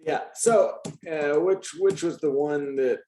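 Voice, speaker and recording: A man's voice: fairly high pitch, slow, mellow, roomy sound, slight background noise. A man tutoring Spanish in a casual lesson, talking it through with restarts and frequent "right?" checks. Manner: chatty, thinks aloud with restarts and frequent "right?".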